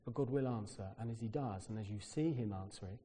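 A British man with a fairly low voice preaches a sermon fast, in a large hall with a little hiss or hum. He tells a personal story, acting out its people and growing animated when quoting them.

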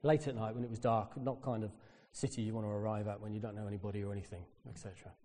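In a sermon heard with a big-room sound, a British man races through a personal story in a fairly low voice. He acts out the characters, turning animated as he quotes them.

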